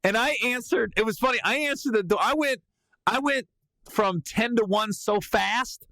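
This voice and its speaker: A man hosting a podcast, telling a comedic story in a lively way and breaking into loud yelled reenactments. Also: extremely high pitch, normal speed, dry recording. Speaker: podcast host.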